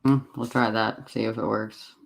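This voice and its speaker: An easygoing host talking on a home livestream in a mid-range voice. They speak in a halting, think-out-loud way. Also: medium pitch, level tone, creaky. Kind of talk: casual livestream chat. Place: home with many devices running.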